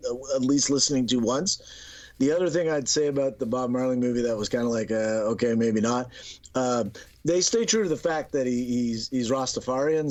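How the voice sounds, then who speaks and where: A man's voice: medium pitch, a little mellow. A man co-hosting a podcast, reviewing a film in a rambling, casual way with many restarts. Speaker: podcast co-host. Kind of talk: casual movie review chat.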